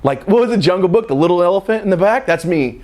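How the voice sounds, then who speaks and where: A man from California telling a comic story about his youth in a casual, slang-filled way, jumping to a high squeaky voice for quotes and dropping to hushed whispers. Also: expressive, quick pace. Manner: casual slang-heavy delivery. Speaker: comedian. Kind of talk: comedic story time.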